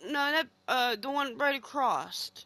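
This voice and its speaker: A woman's voice: high voice, animated, unhurried, bright, forceful tone, poor audio. A middle-aged woman streaming a game from her home game room, telling a long story in a heated, profane, rambling way. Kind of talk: casual storytelling chat while gaming.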